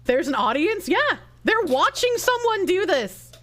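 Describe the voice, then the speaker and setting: A woman with a New Jersey accent streams live and talks back to her chat, crude and quick to laugh. Her voice sits high and leaps wildly between squeals and mutters. She swears freely and shrieks with laughter. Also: big pitch swings, fairly bright tone.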